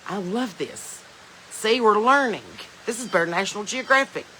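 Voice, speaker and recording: A Southern American woman hosts a casual livestream chat from her phone, joking and laughing as she reads viewer comments. Her voice is bright and forward, with a faint hiss behind it. She talks in loose, drawling asides. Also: mid-range voice, expressive, moderate pace, low-quality recording. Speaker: podcast host.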